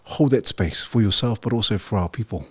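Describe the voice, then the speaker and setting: A man's voice: on the low side, fairly quick, breathy edge. A man, a podcast host asking long, earnest, rambling questions. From New Zealand. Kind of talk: interview questions.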